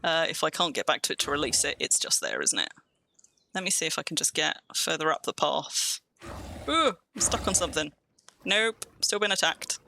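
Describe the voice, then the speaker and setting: A woman's voice: sits low, very animated, bright, forceful tone, a little hiss or hum. A woman from England with a near-standard accent and a slight Kentish twang, chatting casually through a live-streamed game in a rambling, self-mocking way. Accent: near-standard English with slight Kentish twang. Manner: chatty, rambling, quick to laugh at herself.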